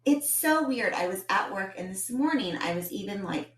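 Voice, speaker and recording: A woman's voice: medium pitch, moderate pace. Chatty woman, echoey and distant. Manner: animated storyteller, acts out family scenes. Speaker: podcast co-host. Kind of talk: casual chat.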